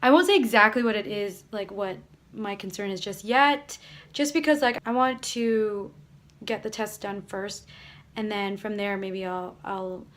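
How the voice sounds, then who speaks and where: A woman's voice: medium pitch, a little slow, fairly bright tone. A young woman from Canada giving a casual, chatty vlog update to camera, hesitant and full of fillers. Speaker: vlogger.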